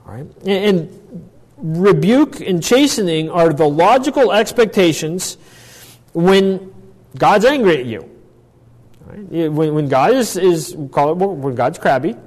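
A man's voice: sits high, a little mellow. A man teaching a Bible passage as a pastor, thoughtful, often restarting and explaining phrase by phrase. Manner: thoughtful, with frequent restarts and asides. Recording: echoey hall with long reverb.

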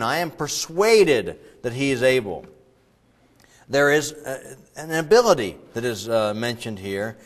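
A middle-aged man preaching a sermon as pastor, conversational and digressive, with frequent fillers. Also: mid-range voice. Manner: conversational, digressive, breaks into loud acted quotes.

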